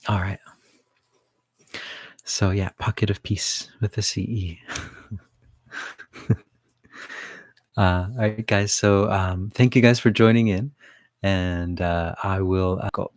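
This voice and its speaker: A man leading a guided visualization meditation in a soft, gentle, unhurried way, repeating soothing phrases. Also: low-pitched, fairly even intonation, no echo. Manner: warm, casual sign-off to live listeners.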